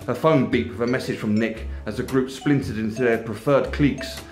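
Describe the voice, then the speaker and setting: A man reading his own comedy novel aloud in a steady, measured narration. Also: mid-range voice. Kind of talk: audiobook narration. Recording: echoey room, faint music.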